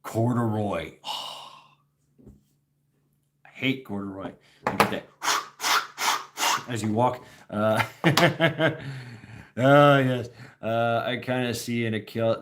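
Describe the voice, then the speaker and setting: A man's voice: lowish voice, fairly even intonation, normal speed, a bit bright. A man talking in a casual, rambling livestream chat, restarting sentences often and chuckling as he goes. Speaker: host.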